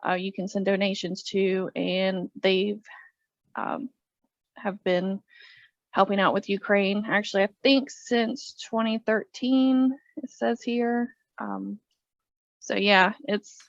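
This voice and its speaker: A woman's voice: medium pitch, fairly even intonation, slow, creaky, dry recording, lo-fi sound. A woman co-hosting a casual podcast chat, talking with lots of fillers and laughing often. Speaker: podcast co-host.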